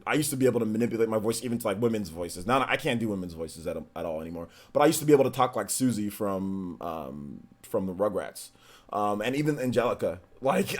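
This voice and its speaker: A young man chatting casually on a live stream, animated and quick to laugh, often repeating himself as he reads chat. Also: medium pitch. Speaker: streamer reacting and reading chat.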